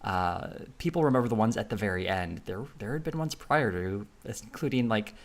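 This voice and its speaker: A man's voice: on the low side, animated, normal speed. A man streaming live, talking casually in a rambling way with lots of fillers and frequent laughs.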